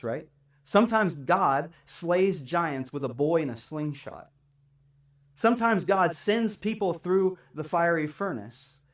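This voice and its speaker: A man's voice: a little high, far from the mic. A man preaching a sermon as pastor in a church, in a conversational way that keeps asking "right?". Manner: conversational preaching, tag questions. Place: church sanctuary.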